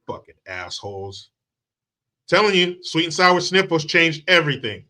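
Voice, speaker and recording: A man's voice: high voice, big pitch swings, moderate pace, bright, forceful tone. A man from the United States hosting a commentary show, ranting with sarcastic, crude, combative talk. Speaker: commentary channel host.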